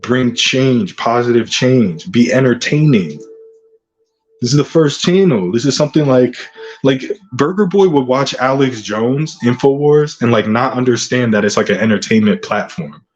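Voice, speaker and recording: On his own channel, a man delivers an aggressive, profane vlog rant packed with taunting insults. His mid-range voice is animated and at normal speed, and the recording has its highs cut off.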